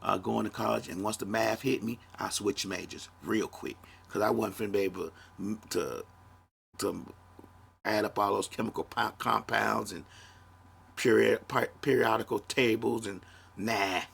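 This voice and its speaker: Gravelly, husky man in his fifties. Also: fairly low pitch, steady tone, moderate pace, fairly bright tone. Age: 50s. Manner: reflective, candid, gets emotional. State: dry throat. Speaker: podcast host. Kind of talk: solo podcast monologue.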